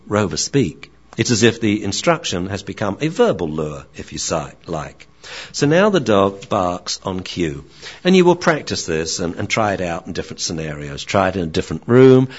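A man teaching dog training in a lecture, animated and acting out barks and dialogue. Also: on the low side, husky. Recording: dull lo-fi recording.

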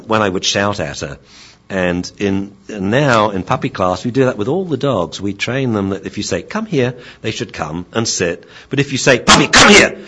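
On dull audio, a man with a fairly low pitch and a breathy edge lectures informally as a dog trainer. He keeps things chatty, playful and animated, with plenty of fillers, laughter and mimicked voices.

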